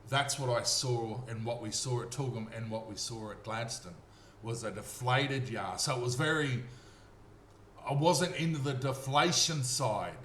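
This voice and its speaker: A man's voice: medium pitch, a little slow, a bit bright. A man with an Australian accent giving a rambling, earnest personal testimony and often checking in with his listener. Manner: earnest, repetitive, checks in with "okay?". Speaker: storyteller. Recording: roomy echo, faint noise.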